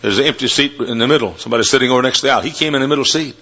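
Forceful, husky-voiced Baptist preacher. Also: male voice, mid-range voice, rapid-fire. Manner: folksy storytelling, rising to emphatic preaching. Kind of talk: sermon. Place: college chapel, at the pulpit. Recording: dull lo-fi recording.

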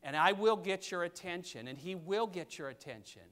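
An older man preaching a sermon, reading scripture and pressing his points with sudden loud stresses. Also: high voice, expressive, moderate pace. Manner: emphatic, pulpit cadence with sudden loud stresses.

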